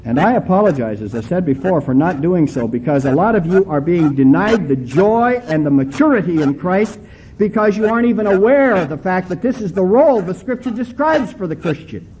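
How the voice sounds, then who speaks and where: A man preaching from the pulpit, stretching key words slowly for emphasis and slipping into homespun storytelling. His voice sits high, yet it sounds mellow and warm. A faint hum of ambient noise lies under his voice. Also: lively intonation, low-quality recording. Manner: emphatic preaching with slow, drawn-out stresses; folksy storytelling. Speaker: pastor. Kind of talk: sermon.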